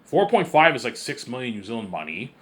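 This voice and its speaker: A man's voice: mid-range voice, very animated, fairly quick, a bit bright. A man rambling through a casual vlog monologue, repeating himself often and sounding boastful and sure of himself. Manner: repetitive, boastful, self-assured. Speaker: vlogger.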